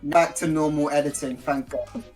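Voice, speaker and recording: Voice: medium pitch, steady tone, normal speed, a little mellow, soft background music. A speaker in a casual commentary chat, blunt and sweary.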